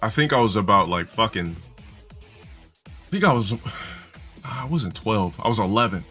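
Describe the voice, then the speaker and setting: Man, streamer, rambling profane storytelling, bright forceful voice, faint music behind. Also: on the low side, animated, normal speed. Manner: crude, rambling, full of swearing and restarts. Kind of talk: casual profane storytelling to a live audience.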